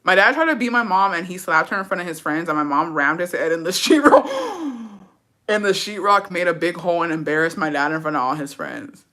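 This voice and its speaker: A woman's voice: on the low side, sing-song, fairly quick, pushed and bright. A woman telling a dramatic story casually, swearing freely and switching between English and Spanish.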